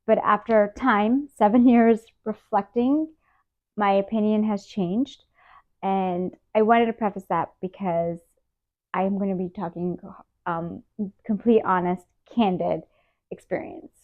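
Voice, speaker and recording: Speaking a little slowly at medium pitch, an interview guest in her thirties tells a difficult personal story openly. She quotes and performs the dialogue with emotion and animation, and the recording sounds tinny, like a phone.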